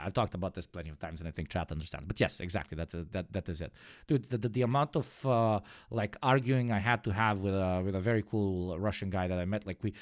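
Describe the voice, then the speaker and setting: A man's voice: fairly low pitch, no echo, studio quality. Sarcastic, profane male streamer. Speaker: streamer host. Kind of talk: live stream commentary.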